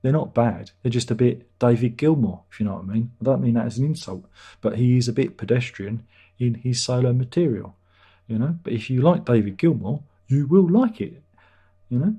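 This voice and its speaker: Speaking fairly quickly in a mid-range voice that is dark-toned with a breathy edge, a middle-aged British man hosts a livestream. He handles viewer chat in a chatty way, with dry asides and chuckles.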